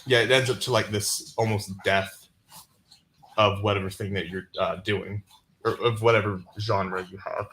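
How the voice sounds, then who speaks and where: A man's voice: lowish voice, steady tone, normal speed, a bit bright, slight background noise. A man talking as a guest in a casual discussion on a call, rambling and repeating himself while he searches for words.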